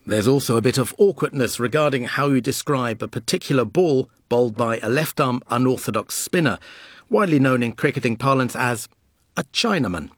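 A man reporting, with measured scripted documentary narration. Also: medium pitch, lively intonation, breathy edge, no room sound.

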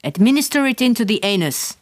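A woman voicing a suave young male doctor with a smooth, offhand manner. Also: on the high side, very animated, fast talker, dry recording, clean studio sound, voice pushed up.

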